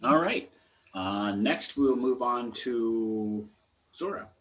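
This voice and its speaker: A man acting as game master, calling on players one by one with slow, drawn-out handoffs. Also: medium pitch, fairly bright tone, a little hiss or hum. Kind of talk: casual chat, calling on players.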